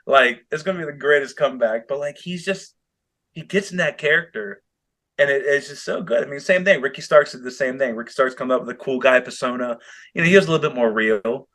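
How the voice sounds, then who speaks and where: A man co-hosting a casual podcast chat, telling stories in an animated way, swearing a lot and laughing often. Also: mid-range voice, fairly quick. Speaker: podcast co-host.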